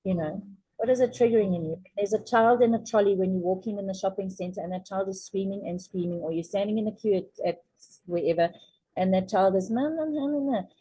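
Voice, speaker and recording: Husky, mellow-voiced woman. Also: mid-range voice, fairly even intonation, fairly quick, low-quality recording. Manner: reflective, posing questions to the listener. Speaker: interview guest. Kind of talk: conversational interview.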